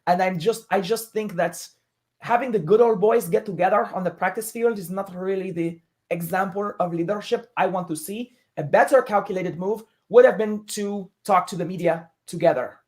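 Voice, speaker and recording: A woman co-hosting a casual sports talk show, measured and analytical, drawing comparisons to the military. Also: mid-range voice, a little mellow. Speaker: co-host.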